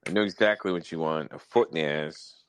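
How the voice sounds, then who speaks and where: A young adult man with an extremely low, resonant voice hosts a casual podcast chat, speaking briskly and clearly. He tells profane stories and gets worked up as he goes. The audio quality is poor.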